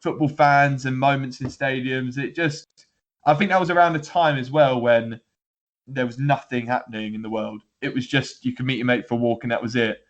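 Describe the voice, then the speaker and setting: A man's voice: mid-range voice, fairly even intonation, fairly quick. A man co-hosting a football podcast, talking in a rambling, laughing way with lots of restarts. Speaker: podcast co-host. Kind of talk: casual chat.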